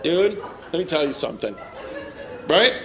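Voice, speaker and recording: A fast-mouthed male stand-up, ribbing audience members in brash, profane banter. His voice sits high for a man. It was captured live over a loud crowd and steady room noise. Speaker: stand-up comedian. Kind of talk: crowd work at a live comedy show. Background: audience laughter and crowd noise.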